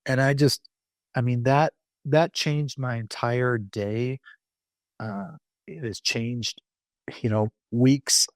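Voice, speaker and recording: A man appears as a podcast guest, giving a personal testimony with animated storytelling, acting out his inner thoughts and often restarting sentences. His voice is medium-pitched and slow, with no echo.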